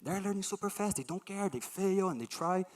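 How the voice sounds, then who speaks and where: A man's voice: sits high, brisk. A man giving a conference talk, telling stories and acting out the voices of people and things he quotes. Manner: animated storytelling, acts out quoted voices. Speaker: conference speaker.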